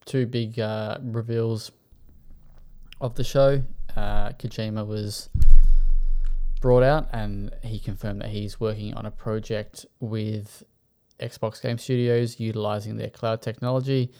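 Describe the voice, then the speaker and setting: A man's voice: lowish voice, level tone, slow pace, mellow, smooth. A man hosting a casual chat, running through news items with plenty of filler words. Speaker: podcast host.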